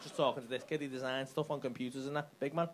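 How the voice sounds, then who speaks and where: A man doing brash, sweary stand-up crowd work on a comedy club stage, shouting his punchlines. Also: mid-range voice, fairly even intonation, fast, background noise. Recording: live club with audience laughter.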